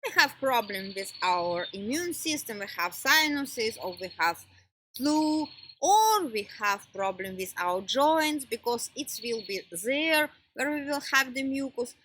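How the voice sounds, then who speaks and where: A woman gives a wellness lesson at an unhurried pace, with a bright, breathy tone. She speaks non-native English phrasing and often stops mid-sentence to search for a word. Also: fairly high pitch, expressive, dry recording, rough recording. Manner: halting, pauses to search for words. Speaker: wellness teacher. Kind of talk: informal teaching talk.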